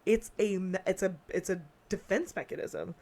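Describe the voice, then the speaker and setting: A woman's voice: medium pitch, steady tone, normal speed, darkish tone. A woman who works as a teacher, co-hosting a podcast in a casual, reflective way and laughing often. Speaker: podcast co-host.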